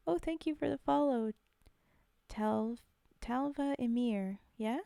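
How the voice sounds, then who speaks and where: A young woman streamer reading poems aloud and chatting softly with her viewers. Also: on the high side, takes it slowly, creaky, clear, resonant tone, dry recording. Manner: soft-spoken, chatty, thanks viewers between verses. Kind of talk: livestream poetry reading and chat.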